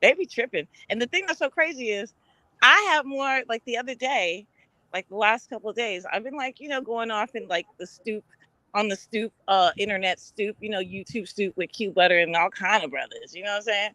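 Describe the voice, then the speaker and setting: Host: woman, bright and dry, casual live chat, animated storyteller who acts out the people in her stories. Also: medium pitch, a little fast, no room sound, poor audio. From Brooklyn, New York. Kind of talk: casual live-stream talk.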